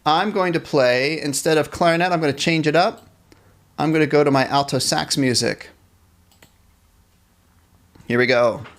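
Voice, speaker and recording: A man's voice: fairly high pitch, moderate pace, pauses often. A man teaching a live online band class, cheerfully reading chat questions aloud and encouraging students. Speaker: music teacher.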